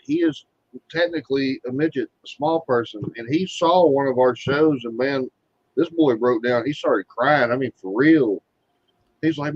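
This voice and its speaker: A man in casual chat, rambling and swearing constantly as he tells stories. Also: medium pitch. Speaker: guest being interviewed. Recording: dull, dry lo-fi sound.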